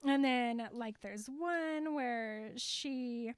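A woman's voice: a little high, extremely slow, smooth, no echo, clean studio sound. A woman co-hosting a casual chat, retelling a movie in a bubbly, giggly way and acting out the characters' lines.

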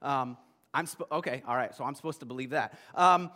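A man's voice: medium pitch, fairly quick, bright, forceful tone, close to an everyday voice. A man playing a hurt young man, sarcastic and disbelieving toward his fiancée. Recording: long hall reverb.

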